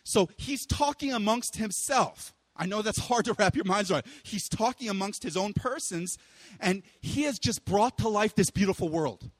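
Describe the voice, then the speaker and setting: Young male pastor, high voice, casual animated sermon delivery; long hall reverb. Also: normal speed. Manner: casual, animated, with playful voices and bursts of loud exclaiming.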